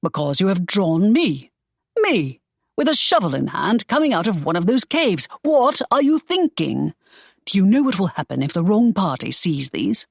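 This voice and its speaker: A woman's voice: mid-range voice, very animated, normal speed, gravelly, dry recording, clean studio sound. A woman reading an audiobook, voicing a brusque, scolding young man. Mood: stern. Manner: curt and scolding. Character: stern, brusque young man, a secretive pirate. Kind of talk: audiobook character voice.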